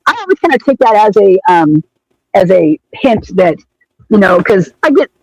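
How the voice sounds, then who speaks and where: A woman's voice: mid-range voice, big pitch swings, moderate pace, darkish tone, slightly rough, dry recording, low-quality recording. A woman on a live-stream show, chatting casually and hesitantly, holding back what she says. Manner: guarded, hesitant. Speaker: co-host guest. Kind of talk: casual chat.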